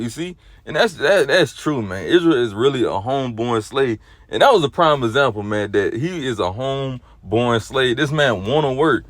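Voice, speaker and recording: A man giving a casual spoken religious exhortation. He rambles and leans on fillers like "you know" and "or whatnot", moving between low, subdued stretches and loud, animated bursts. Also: moderate pace, no echo, clean studio sound. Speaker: lay religious teacher.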